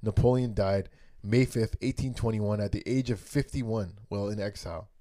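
A man's voice: fairly low pitch, normal speed, warm tone, dry recording, clean studio sound. A young man co-hosting a casual comedy podcast, reading history facts aloud with fillers and casual swearing. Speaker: podcast co-host.

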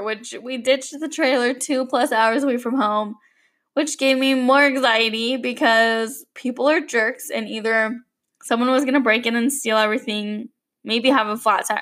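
Young woman rambling on her podcast, fairly high voice, lots of "like". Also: fairly bright tone. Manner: chatty and rambling, with frequent "like". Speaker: podcast host. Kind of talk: casual monologue.

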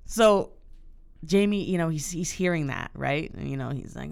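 A woman co-hosting a podcast in animated, profane casual chat, laughing often. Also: deep voice, normal speed, gravelly, clear, resonant tone. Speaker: podcast co-host.

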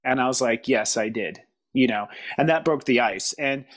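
A man speaking as a guest in a casual spiritual conversation, pausing, restarting and searching for words. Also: mid-range voice, fairly bright tone. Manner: halting, searching for words, frequent restarts and laughs. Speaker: podcast guest.

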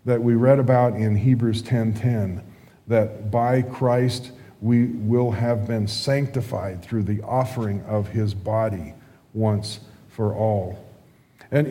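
A man's voice: mid-range voice, warm tone. A male pastor giving a sermon, reading scripture and then explaining it in an earnest, conversational way, in a church. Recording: long reverb of a large hall.

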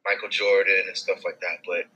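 A man co-hosting a casual sports podcast, excitable and building his arguments with rising emphasis. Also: sits low, brisk, dull audio. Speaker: podcast co-host.

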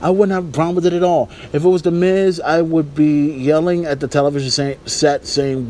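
A man's voice: on the high side, fairly even intonation, a little fast, few pauses, warm tone. A man hosting a podcast, giving wrestling predictions in a heated, profane, emphatic rant. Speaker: podcast host.

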